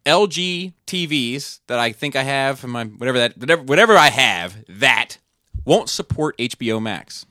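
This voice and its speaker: A man's voice: mid-range voice, expressive, moderate pace, bright, forceful tone, dry recording, clean studio sound. A man hosting a podcast in casual chat, rambling and profane as he retells scenes. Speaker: podcast host.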